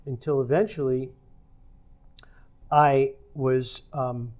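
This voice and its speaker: An older man spinning a long story from his career, voicing the other people in it as he goes. His delivery is animated, and he keeps things conversational, with a mid-range pitch that is typical for a man. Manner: animated storyteller acting out quoted dialogue. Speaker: podcast guest.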